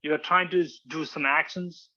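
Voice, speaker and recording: Here a public speaking club instructor teaches informally with slides, demonstrating by acting out examples amid many restarts. He speaks at a moderate pace with a higher, pushed and bright voice and fairly even intonation. The sound is lo-fi.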